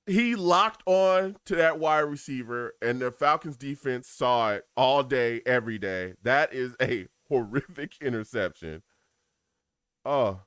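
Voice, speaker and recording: A man's voice: mid-range voice, a little slow, clean tone, no echo, studio quality. A man with a New York accent doing casual live commentary on a football game, laughing often and reading viewer comments aloud. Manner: animated, laughs a lot, reads chat aloud. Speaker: live game reaction streamer.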